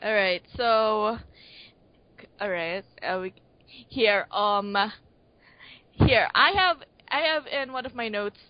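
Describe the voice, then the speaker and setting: A woman's voice: medium pitch, slow, pauses often, no echo, dull audio. A woman co-hosting a casual movie review chat, wry and hesitant, with many fillers and restarts. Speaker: movie review podcast co-host.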